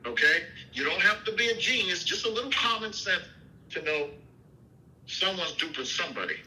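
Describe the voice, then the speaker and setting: Male minister, informal Bible teaching, emphatic and repetitive, bright tone. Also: high-pitched, big pitch swings, normal speed, poor audio. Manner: emphatic, repeats "okay?" and "you see?".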